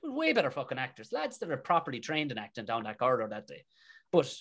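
Irish man, Tipperary accent, comedian guest; animated, sweary storyteller. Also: medium pitch, fast talker. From Tipperary, Ireland. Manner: animated, swears freely, colloquial. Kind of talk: casual storytelling in a podcast interview.

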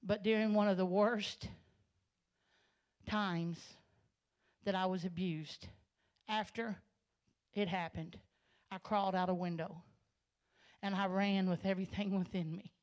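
A woman's voice: medium pitch, steady tone, unhurried, highs cut off. Woman preaching a heartfelt church testimony. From Arkansas. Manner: storytelling, swells to loud passionate preaching. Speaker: guest speaker giving testimony. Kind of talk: Pentecostal sermon testimony. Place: church sanctuary.

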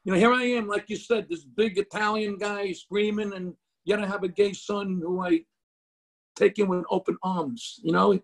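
A middle-aged comedian with a New Jersey accent, talking bluntly and profanely in a casual interview over a video call. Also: male voice, sits high, fairly even intonation, normal speed. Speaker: comedian guest.

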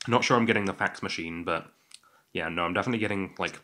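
Man, English accent, young adult, lowish voice, casual whisky tasting chat, self-deprecating. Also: fast talker, pushed and bright. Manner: chatty, self-deprecating, hesitant fillers. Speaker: whisky podcast host.

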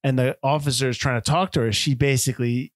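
A man's voice: mid-range voice, steady tone, fast talker, dry recording, clean studio sound. A man co-hosting a casual film podcast, easygoing and agreeable, asking questions and often restarting his sentences. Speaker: podcast co-host.

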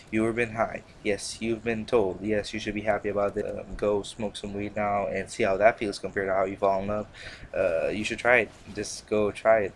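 Rambling young man with a low voice. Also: a little hiss or hum. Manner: rambling, slangy, with many fillers and restarts. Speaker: gaming channel host. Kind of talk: casual commentary over gameplay.

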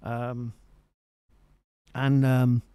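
A man's voice: medium pitch, monotone, extremely slow, mellow, clean tone, no echo. A man hosting a live music stream, chatting casually and teasingly to his viewers from a home streaming setup. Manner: chatty, teasing, jokey, fond asides. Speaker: live-streaming guitarist and host.

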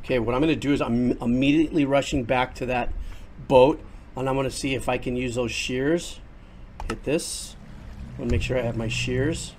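An older man giving chatty, excitable live commentary while playing a game, talking into a headset. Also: mid-range voice, moderate pace, slight background noise. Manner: chatty, excitable, exclaims often. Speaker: streamer and composer. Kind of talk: casual livestream commentary.

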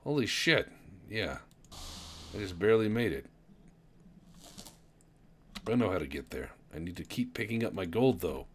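A man giving casual gameplay commentary with wry, deadpan asides. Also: low voice, moderate pace, pauses often, a little hiss or hum. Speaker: gamer.

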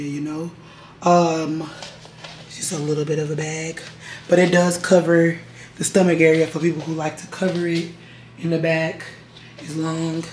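A young woman vlogger with a raspy, strained voice, chatting casually to her viewers at home and calling them y'all. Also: deep voice, darkish tone. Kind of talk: casual chat to camera. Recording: roomy echo.

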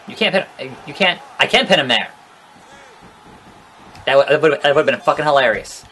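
A man giving casual gameplay commentary as a let's play gamer, joking around, getting excitable and swearing freely. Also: a little high, slight background noise.

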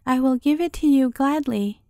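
A woman's voice: high voice, moderate pace, mellow, no room sound, clean studio sound. A woman voicing a grieving, pleading mother. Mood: sorrowful. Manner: sorrowful, pleading. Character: grieving young mother searching for her child.

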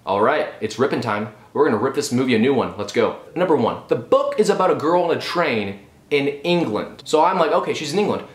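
A man's voice: medium pitch, animated, a little fast. A young man giving a sarcastic, profane movie review rant on his vlog. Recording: roomy echo.

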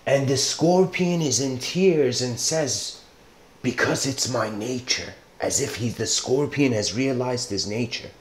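A man's voice: medium pitch, unhurried, a little hiss or hum. A man giving a casual lecture, rambling as he tells a story, with many fillers and restarts. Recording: roomy echo.

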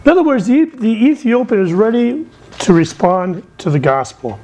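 A middle-aged man giving a lively sermon from the pulpit, telling stories with big swings in his voice. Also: moderate pace, poor audio. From England. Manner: animated, storytelling with wide swings in pitch. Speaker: missionary speaker.

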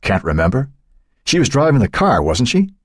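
A brusque police chief, as a narrator voices him barks clipped orders and sharp questions. His voice is husky and dry, the delivery firm and impatient. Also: mid-range voice, wildly swooping pitch, normal speed, no echo, pitched above the performer's own voice. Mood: commanding.

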